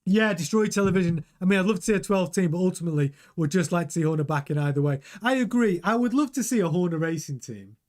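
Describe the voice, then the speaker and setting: Talking fast with hardly any pauses, a middle-aged live-stream host reads his chat in a high voice. He's casual and animated, prone to repeating words and beginning sentences again.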